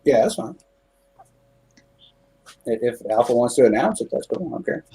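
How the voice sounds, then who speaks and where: A man's voice: medium pitch, very animated, moderate pace, gravelly, mellow, poor audio. A man, a guest on a music podcast, chatting casually, joking and swearing freely. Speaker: interview guest, music creator. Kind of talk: casual profane podcast chat.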